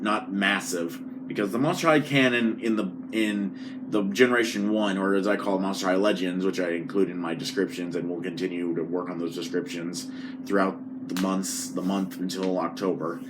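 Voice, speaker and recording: A man with a fairly low voice rambles through a casual vlog, stopping and restarting his sentences as he goes. A steady hiss of background noise runs under his talk. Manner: rambling, halting, with frequent restarts and fillers. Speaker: vlogger.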